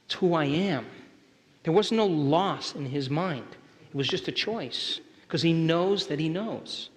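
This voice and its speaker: A man's voice: on the high side, expressive, unhurried. A man giving a motivational seminar lecture to a live audience, keeping them engaged by asking if they follow along. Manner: keeps checking in with the audience. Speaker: seminar speaker. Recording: long hall reverb.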